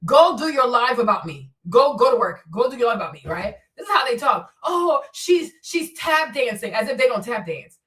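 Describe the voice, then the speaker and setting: A woman who immigrated to America rants bluntly, swearing and sarcastic, in casual commentary. Her voice sits high. She sounds set back from the microphone, a little distant. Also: expressive, fairly quick, hardly any pauses, a bit bright. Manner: blunt, profane, sarcastic ranting. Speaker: commentary channel host.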